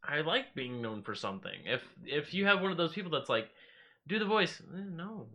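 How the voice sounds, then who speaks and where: A man co-hosting a podcast in casual chat, excitable and swearing now and then. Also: a little fast. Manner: excitable, swearing, jumpy pitch. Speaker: podcast co-host.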